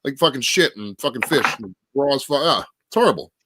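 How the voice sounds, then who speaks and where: A man's voice: mid-range voice, animated, brisk, pushed and bright, slight background noise. A man in his forties with a Boston accent, rambling crudely and swearing through a casual livestream chat. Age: 40s. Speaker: stream host.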